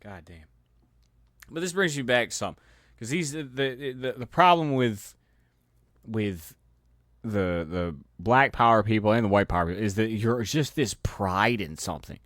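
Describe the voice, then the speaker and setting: Lowish-voiced man ranting with heavy swearing. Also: expressive, measured pace, fairly bright tone, no echo, studio quality. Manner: swears heavily, restarts and repeats words; exasperated, riled-up delivery. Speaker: podcast host. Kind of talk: casual profane rant.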